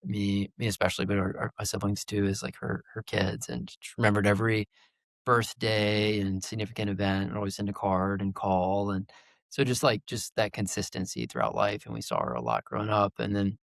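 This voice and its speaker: Gravelly low man chatting loosely. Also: a little fast, dry recording. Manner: loose, rambling, many fillers and likes. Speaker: guest, company founder. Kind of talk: casual interview talk.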